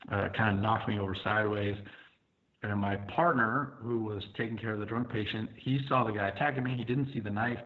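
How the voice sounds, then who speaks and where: A man with a fairly low voice tells a personal story in an easygoing way, full of fillers and acted-out thoughts. His voice comes through a thin, phone-like line. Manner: conversational, many fillers, acts out his own thoughts. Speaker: podcast guest, firefighter telling his story.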